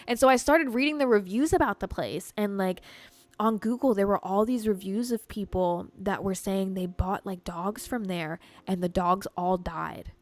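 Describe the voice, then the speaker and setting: Animated swearing woman podcast host. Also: mid-range voice, fairly quick. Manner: animated, swears often, heavy "like" filler. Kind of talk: casual storytelling chat.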